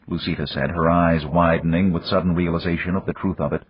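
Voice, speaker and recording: Deep, husky male audiobook narrator; expressive, hard edge on dialogue; dry, slightly muffled read. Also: quick pace, hardly any pauses, no echo. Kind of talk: scripted narration.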